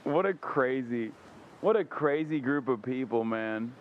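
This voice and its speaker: A man's voice: medium pitch, expressive, unhurried, phone-quality sound, slight background noise. A man streaming, giving live reaction commentary with incredulous, profane asides.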